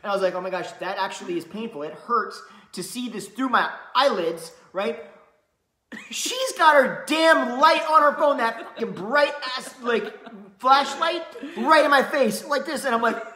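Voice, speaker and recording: Co-host, male, animated swearing storyteller, bright voice in a roomy room. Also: very high voice, moderate pace. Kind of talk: casual chat. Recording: roomy echo.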